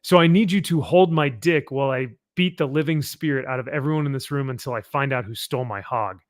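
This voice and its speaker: A man reading out the lines of a crude, brutish male alien biker, loud and boastful as he reads. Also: mid-range voice, quick pace, lightly acted.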